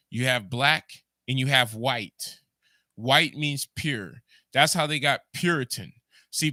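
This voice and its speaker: A man's voice: medium pitch, sharp tone, no room sound. A man with a Jamaican accent hosting a livestream, rambling through ideas, repeating words and answering his chat. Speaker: podcast host. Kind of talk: casual livestream commentary.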